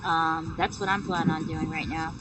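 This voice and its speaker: A woman's voice: low-pitched, fairly even intonation, moderate pace, a crowd in the background. A woman streamer feeling sick with a sore throat, rambling and swearing with lots of fillers in casual live-stream chat. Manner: rambling, profane, many fillers. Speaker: game streamer. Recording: distant mic with music.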